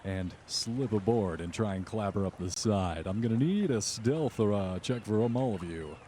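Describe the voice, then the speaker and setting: A man running a tabletop horror game, narrating scenes with many uh and um pauses. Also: fairly low pitch, expressive, dark tone, slight background noise. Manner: rambling narration full of uh and um. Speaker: game master.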